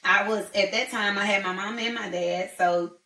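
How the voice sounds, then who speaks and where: A woman's voice: medium pitch, steady tone, normal speed, pushed and bright. A chatty, teasing woman hosts a casual talk show. Her voice sounds roomy and a little distant from the mic. She keeps the chat loose and playful.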